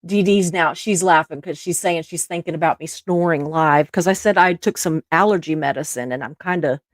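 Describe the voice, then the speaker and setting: A woman's voice: deep voice, moderate pace, no echo, studio quality. A woman with a Southern American accent hosting a casual live stream, reading viewer comments aloud and laughing often. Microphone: live stream mic.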